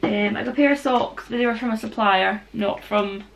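A woman, hoarse and husky, chatting casually in a vlog and sometimes dropping to a whisper. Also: mid-range voice, fairly quick, background noise. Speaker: vlogger.

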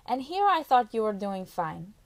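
A woman's voice: medium pitch, big pitch swings, normal speed, no echo. A woman voicing a teasing, motherly middle-aged female nurse in an audiobook, scolding lightly. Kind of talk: audiobook character voice.

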